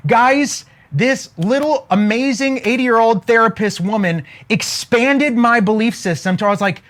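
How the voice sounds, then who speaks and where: A man around forty giving an energetic motivational talk, throwing rhetorical questions at his listeners. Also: extremely high pitch, moderate pace, few pauses. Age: 40s. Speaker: motivational speaker.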